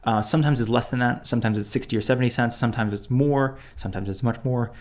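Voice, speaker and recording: A man's voice: medium pitch, fast, darkish tone. A young man co-hosting a casual chat, rambling with many restarts and fillers. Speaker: podcast co-host.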